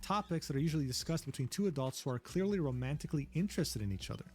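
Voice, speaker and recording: A man giving scripted narration for a commentary video, reading text in a steady, even way. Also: fairly high pitch, very fast.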